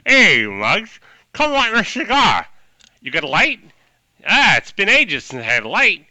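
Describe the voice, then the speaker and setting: A man voicing a brash, tough-talking male mushroom with a cigar in a tabletop game, gruff and pushy. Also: high-pitched, wildly swooping pitch, measured pace, bright, forceful tone, dry recording, pitched above the performer's own voice, heavily acted. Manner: gruff, wheedling street-tough talk.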